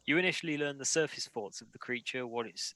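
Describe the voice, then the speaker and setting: A man's voice: medium pitch, fast talker, sharp tone, no room sound. A man playing a tabletop game, reading a spell's rules aloud evenly. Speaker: player.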